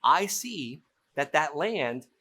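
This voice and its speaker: A middle-aged man teaching real estate by acting out a phone negotiation as a lively story. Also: fairly high pitch, slow pace, slightly rough. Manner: animated storytelling, playful role-play. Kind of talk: teaching through an acted-out example.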